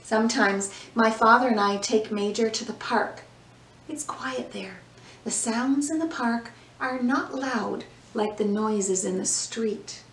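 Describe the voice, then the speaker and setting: A woman reading a picture book aloud to young children, slow and gentle, acting out the sounds, then leading breathing and movement. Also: fairly high pitch, a little hiss or hum. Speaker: children's yoga and mindfulness teacher. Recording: echoey room, mic at a distance, soft music.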